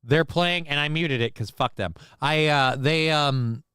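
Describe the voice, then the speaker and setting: A man's voice: fairly high pitch, a little slow, sharp tone, smooth, dry recording. A man hosting a casual livestream chat, with crude, mocking, profane banter. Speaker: show host.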